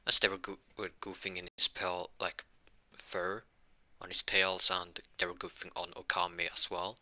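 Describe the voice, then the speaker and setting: A young man telling an improvised fan-fiction story, rambling and often stopping to correct himself. His voice is low and strikingly bright. It is recorded close and dry, with no room sound. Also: level tone, moderate pace, no echo. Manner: rambling, with many restarts and self-corrections.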